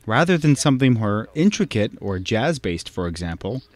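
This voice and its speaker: A man reads a scripted video essay in a mid-pitched voice. He keeps a measured, explanatory pace and talks straight to the viewer.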